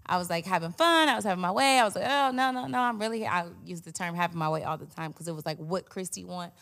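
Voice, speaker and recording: Blunt, animated young woman. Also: fairly low pitch, fast talker, vocal fry. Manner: animated, blunt, swears freely. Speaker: guest. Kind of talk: candid interview conversation.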